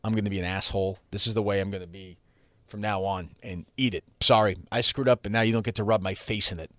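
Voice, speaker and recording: A man's voice: lowish voice, steady tone, fast talker, pushed and bright, no room sound. A man hosting his own podcast, talking alone in a rambling, blunt style with frequent restarts and some profanity. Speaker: podcast host. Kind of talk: solo podcast monologue.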